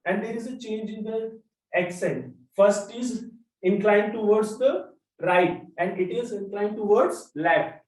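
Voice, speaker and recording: Male language teacher, unhurried and step-by-step, recorded from a distance in a reverberant room. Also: high-pitched, a little mellow. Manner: slow, step-by-step explaining, spells out letters. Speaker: French teacher. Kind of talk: classroom lesson. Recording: roomy echo, mic at a distance.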